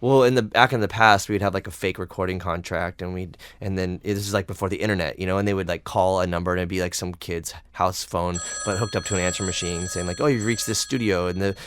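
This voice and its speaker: A man hosting a podcast, chatting casually and telling rambling, animated stories. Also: low-pitched, fast talker, few pauses, clean tone. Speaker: podcast host. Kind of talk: casual interview chat.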